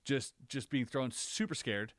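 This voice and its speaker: A man on a podcast, casually recounting his own experiences as an animated storyteller whose voice jumps higher when he relives the scary parts. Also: unhurried, dry recording, studio quality. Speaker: podcast co-host.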